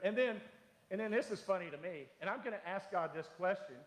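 A middle-aged man preaching a sermon as pastor, animated and humorous, acting out the voices he quotes. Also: high-pitched, quick pace. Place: church sanctuary. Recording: echoey hall.

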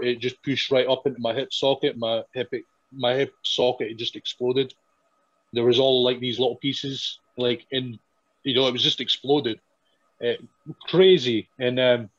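Young man, from Scotland, halting fillers, lo-fi muffled audio, mid pitch. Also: dry recording. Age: young adult. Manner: halting, many fillers and restarts, laughs while telling. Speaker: wrestler guest. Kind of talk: casual interview storytelling.

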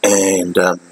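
A man with an Australian accent talking in a halting, emotional way with many fillers and restarts in a personal video diary. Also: low voice, a little hiss or hum, low-quality recording. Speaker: vlogger.

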